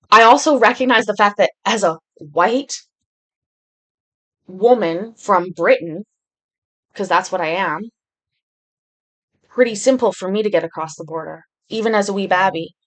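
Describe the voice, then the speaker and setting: A woman's voice: mid-range voice, measured pace, long pauses. A woman hosting a casual commentary show, talking in a rambling, candid way. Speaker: host. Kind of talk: casual commentary on court videos.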